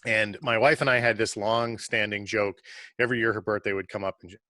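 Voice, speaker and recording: A man tells a casual, animated story as a guest on a video call. His voice is bright and quick, and he says "like" often. The sound is dry and close. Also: lowish voice, dry recording. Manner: animated, fast-paced storyteller who uses lots of "like".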